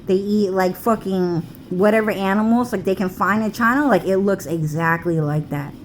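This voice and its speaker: A woman's voice: mid-range voice, normal speed, a little hiss or hum. A young woman vlogging in a loose, rambling monologue, swearing a lot and filling her talk with "like" and "dude".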